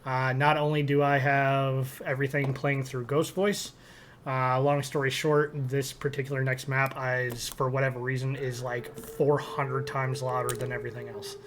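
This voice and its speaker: A man's voice: mid-range voice, flat delivery, normal speed, fairly bright tone, slight background noise. A man running a tabletop game as game master, with a hesitant manner full of fillers and restarts.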